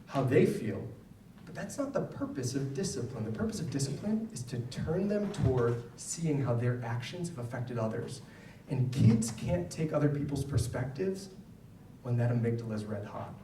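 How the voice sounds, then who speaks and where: Male speaker giving a talk to parents, mellow voice, roomy distant hall sound, casual check-ins with the crowd. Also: mid-range voice, slight background noise. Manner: conversational, frequent "right?" check-ins. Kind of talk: lecture to an audience. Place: school hall with an audience. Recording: echoey hall, voice from far off.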